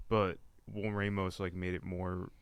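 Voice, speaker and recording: Hesitant young man with a deep voice. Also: little pitch movement, measured pace, gravelly, clean tone, no echo. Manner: hesitant, lots of 'like', laughs easily. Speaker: band vocalist guest. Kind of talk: casual chat.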